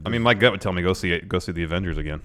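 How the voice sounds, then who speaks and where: A man with a very deep voice co-hosts an easygoing podcast. His delivery is dry and unhurried, and he reads out listener messages between casual back-and-forth. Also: fairly bright tone. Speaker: podcast co-host. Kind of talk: casual chat, reading listener comments.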